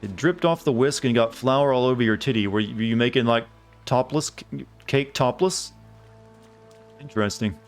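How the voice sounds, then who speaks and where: A man's voice: mid-range voice, normal speed, soft background music. A man streaming a video game, joking and rambling in casual commentary.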